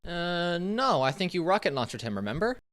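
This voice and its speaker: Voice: mid-range voice, very animated, moderate pace, fairly bright tone. A podcast co-host in a comedy sketch who speaks in a mock-serious tone.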